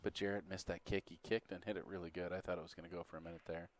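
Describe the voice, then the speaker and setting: A man handles play-by-play at a pool tournament in a very deep voice. He talks at an even, steady pace and keeps explaining the bracket, the stakes and the score. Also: racing. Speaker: pool commentator. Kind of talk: play-by-play commentary.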